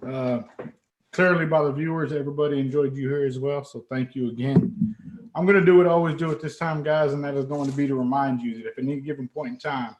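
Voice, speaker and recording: A man's voice: mid-range voice, fairly even intonation, quick pace, a little mellow, echoey room. A man hosting a casual late-night livestream, laid-back and profane, laughing often. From Texas. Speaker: livestream host.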